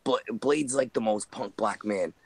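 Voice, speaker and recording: A man in a casual comics chat, mostly chiming in with short agreements and quick opinions. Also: fairly low pitch, vocal fry, darkish tone, breathy edge, no echo. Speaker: podcast co-host.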